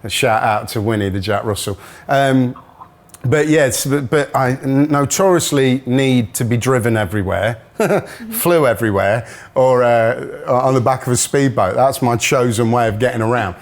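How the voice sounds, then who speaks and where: A man's voice: mid-range voice, moderate pace. A middle-aged man, a musician guest telling stories in casual chat and laughing often. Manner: chatty storyteller, laughs often.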